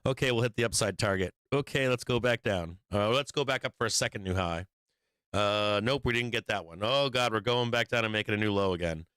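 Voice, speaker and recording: Riffing fairly quickly through live market commentary, this stock market livestream host has a lowish pitch and a bright, crisp voice. He rambles, swears freely, and sketches charts as he goes, all recorded dry and close with no room sound.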